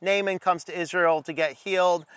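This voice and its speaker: A man's voice: high voice, moderate pace, clear, resonant tone, dry recording. A man teaching a casual Bible study, reading scripture aloud and acting out the dialogue with jokes. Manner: animated, joking, reads scripture aloud, acts out dialogue.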